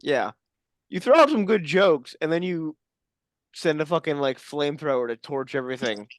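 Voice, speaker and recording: A comedy podcast co-host chatting in a deadpan, rambling way full of tangents. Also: mid-range voice, moderate pace, no room sound. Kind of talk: casual comedic chat.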